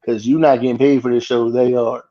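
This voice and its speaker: Man, comedian guest, casual storytelling, animated and profane, slightly muffled audio. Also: medium pitch, fairly quick. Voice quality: animated retelling, swearing freely.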